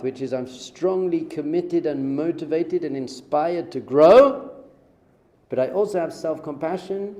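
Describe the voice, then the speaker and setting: A middle-aged man, a rabbi teaching an informal Torah class, lively and joking, acting out little dialogues. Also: fairly high pitch. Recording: echoey room with faint noise.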